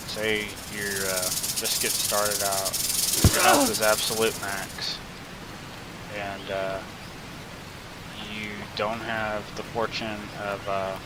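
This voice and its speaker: A fairly low-pitched man hosts a casual gameplay tutorial, relaxed and drawling, with plenty of fillers. Loud game rain and jungle sounds play behind him.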